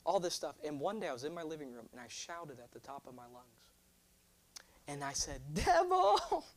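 A young man preaching a sermon, animated and joking, drawing responses from his congregation. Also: a little high, quick pace. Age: 20s. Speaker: pastor.

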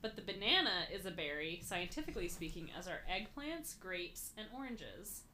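A woman's voice: fairly low pitch, very animated, normal speed, bright, forceful tone, a little hiss or hum. A young woman co-hosting a casual podcast, giggling and stumbling over words as she reads an article aloud. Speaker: podcast co-host.

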